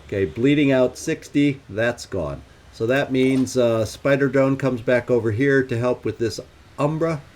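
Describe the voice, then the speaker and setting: A gaming channel host, male, runs a let's play and thinks aloud while planning his tactical moves, tossing in wry, self-questioning asides. His mid-range voice is a little mellow and moves at a measured pace, with a slight hiss or hum in the recording.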